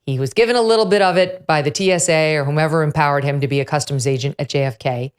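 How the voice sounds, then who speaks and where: A woman hosting a political talk show, with a low-pitched voice. She is middle-aged and tells her story with animation, slipping into the voices of the people she quotes. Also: quick pace, clear, resonant tone. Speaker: show host.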